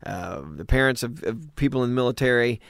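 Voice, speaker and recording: A man's voice: medium pitch, a little fast, gravelly, dry recording. A middle-aged male comedian in casual conversation. He rambles through stories and acts out the lines of people he quotes. The sound is dry and close. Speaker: ventriloquist comedian, guest. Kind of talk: casual chat.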